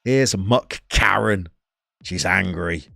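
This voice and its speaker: A man, live-streaming a football game, reading out viewers' messages and commenting on the match in a chatty, playful way with sudden bursts of excitement. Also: low voice, takes it slowly, creaky, no echo, studio quality. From England.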